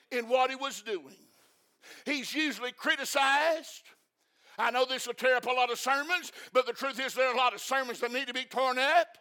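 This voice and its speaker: A male preacher delivering an impassioned sermon, repeating phrases and breaking into shouts. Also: very high-pitched.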